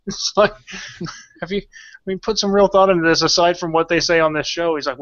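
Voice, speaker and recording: A man co-hosting a podcast in casual chat, halting with many restarts and chuckling a lot. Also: sits high, steady tone, a bit bright, lo-fi sound. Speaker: podcast co-host. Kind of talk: casual group chat on a video call.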